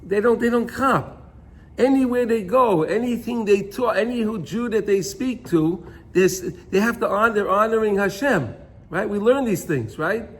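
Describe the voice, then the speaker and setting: A man's voice: high-pitched, animated, normal speed, breathy edge. A man teaching an informal Torah class, telling stories and often checking in with "right?".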